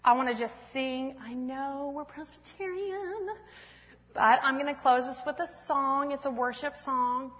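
A woman in her thirties reads a children's story aloud to a church congregation, expressive and gentle. Her voice sits high. The sound is muffled and carries a long reverb through the church hall. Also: a little slow. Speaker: church speaker. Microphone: handheld or stand mic.

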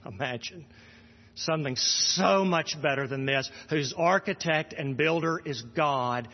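A man's voice: fairly high pitch, measured pace. A man preaching a sermon in a church, earnest and repeating his words for emphasis. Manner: earnest, repeats words, voices Jesus in quotes. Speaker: pastor. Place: church sanctuary. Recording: muffled sound with long hall reverb.

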